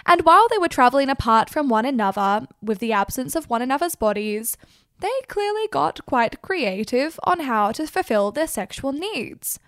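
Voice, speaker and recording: A woman's voice: high-pitched, big pitch swings, moderate pace, fairly bright tone, no room sound, clean studio sound. A woman hosting irreverent literary commentary, speaking crudely and laughing often as she talks. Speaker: host.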